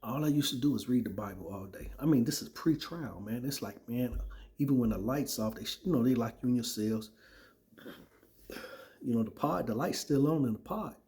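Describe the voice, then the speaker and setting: A man's voice: medium pitch, normal speed, a little mellow. A man telling his personal testimony in a casual, conversational way, often tagging lines with "right?" and "man.". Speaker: former soldier sharing his testimony.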